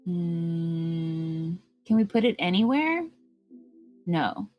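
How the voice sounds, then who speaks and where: A woman chatting casually while playing a game, playful and quick to laugh. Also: on the low side, expressive, darkish tone, faint music behind. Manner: giggly, playful, lots of laughing. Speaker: game streamer.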